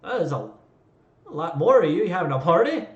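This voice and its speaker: A man's voice: a little high, sing-song, a little fast, echoey room, highs cut off, voice pushed up. A man voicing a friendly male shuttle pilot who once served in the navy, using an attempted Afrikaans accent. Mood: jovial. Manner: friendly, breezy.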